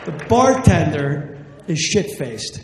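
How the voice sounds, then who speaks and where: High-pitched comic guy, crude and brash, echoey hall sound. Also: big pitch swings, takes it slowly, some chatter behind, slight background noise. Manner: brash, profane. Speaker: stand-up comedian. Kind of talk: stand-up storytelling. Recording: roomy live hall with audience laughter.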